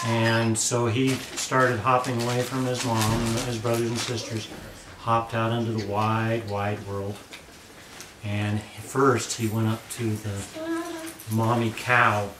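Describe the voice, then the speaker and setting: An older man telling a story to a child at home, expressive and playful, dropping to a hush for suspense. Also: on the low side, echoey room, noisy background.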